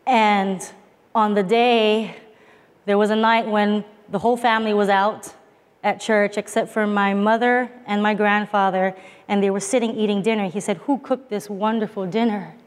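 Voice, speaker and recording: A woman preaching a sermon, telling a family story in a slow, earnest, emphatic way. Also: medium pitch, little pitch movement, clean tone. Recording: long hall reverb.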